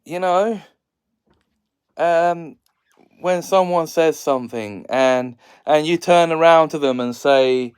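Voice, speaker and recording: Man, video host, relaxed unhurried delivery, smooth clear voice, jokey, sarcastic asides. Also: a little high. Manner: laughs between lines, jokey and sarcastic. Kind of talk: casual solo commentary.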